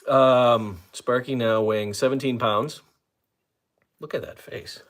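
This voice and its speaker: A man's voice: mid-range voice, steady tone, slow pace, fairly bright tone. An older man hosting a casual livestream, rambling and joking with viewers, at times out of breath. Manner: rambling, jokey, talks to chat. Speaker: livestream host.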